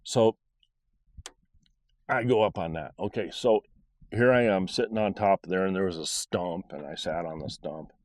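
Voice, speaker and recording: Man, middle-aged, very low voice, dry close sound, rambling earnest testimony. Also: moderate pace, long pauses, darkish tone, no room sound. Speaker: podcast storyteller. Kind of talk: personal faith testimony.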